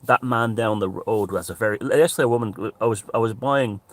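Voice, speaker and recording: An Irish man with a low voice talks to camera in a loose, rambling monologue. He is animated and swears freely, and the recording is dry, with almost no room sound. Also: brisk, no room sound. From Ireland. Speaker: commentator. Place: outdoors near mountains.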